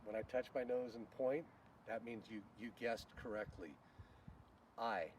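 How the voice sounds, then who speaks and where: A man leading a children's Bible school, teaching a game slowly and leading shouted call-and-response lines. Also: medium pitch. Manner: slow, animated, leads shouted call-and-response. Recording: distant mic with faint noise.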